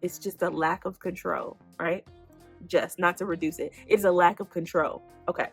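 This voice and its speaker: A woman hosting a faith-based self-help podcast who teaches in an animated way, asking the listener questions and then answering them herself. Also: fairly low pitch, normal speed, vocal fry, husky, soft background music. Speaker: podcast host.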